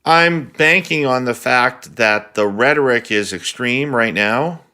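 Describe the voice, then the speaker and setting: A man's voice: mid-range voice, measured pace, bright, forceful tone. A man hosting a podcast, speaking bluntly and emphatically in a casual political discussion. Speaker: podcast host.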